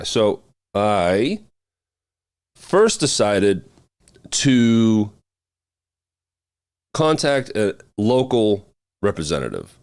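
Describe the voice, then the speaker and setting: A man's voice: deep voice, darkish tone, no room sound, clean studio sound. A man in his thirties hosting his own podcast, chatty and self-deprecating, often laughing at himself. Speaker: podcast host. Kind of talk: casual solo podcast talk.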